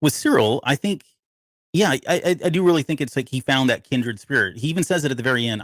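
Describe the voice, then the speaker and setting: A man's voice: medium pitch, animated, brisk, a bit bright, no echo. Rambling man on a dry podcast mic. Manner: rambling, often loses the word he wants. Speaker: podcast co-host. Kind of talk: casual live TV-show breakdown chat.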